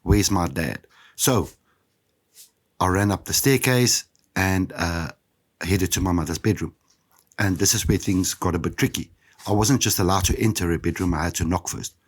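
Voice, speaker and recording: A South African man in his fifties, hosting a podcast and telling his own story in a candid, reflective, halting way. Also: low-pitched, slightly rough. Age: 50s. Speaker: podcast host. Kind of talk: personal storytelling monologue.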